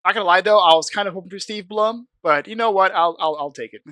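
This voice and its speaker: A man's voice: sits high, quick pace, pushed and bright, dry recording. A man co-hosting a podcast, chatting and teasing casually, swearing now and then. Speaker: podcast co-host. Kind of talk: casual chat.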